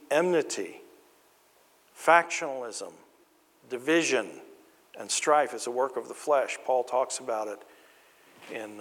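American man, preacher, sermon, earnest emphasis, light humorous asides, medium pitch, reverberant church hall. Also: vocal fry, a bit bright. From United States. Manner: earnest, rising emphasis on key phrases, slows for weight.

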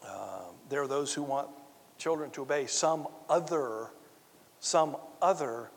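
A man's voice: medium pitch, a little slow, vocal fry. A man preaching a sermon, earnest and emphatic, driving points home by repeating key phrases. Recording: long reverb of a large hall.

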